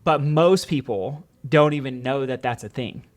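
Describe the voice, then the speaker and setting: A man's voice: mid-range voice, normal speed. Earnest man telling teaching stories. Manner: earnest storytelling with many "like"s and quoted dialogue. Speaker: podcast guest, former teacher. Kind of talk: casual podcast conversation.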